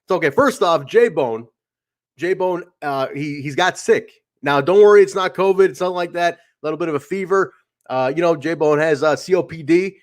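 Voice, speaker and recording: A man's voice: a little high, moderate pace. A man hosting a casual solo podcast livestream, rambling with fillers and restarts and acting out other people's lines as he tells a story. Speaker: podcast host.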